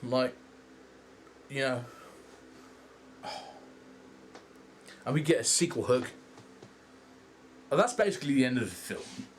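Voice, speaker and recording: A young man with a Dutch accent, rambling through a casual, animated movie review and swearing freely. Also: mid-range voice, a little hiss or hum. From Netherlands. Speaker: vlogger.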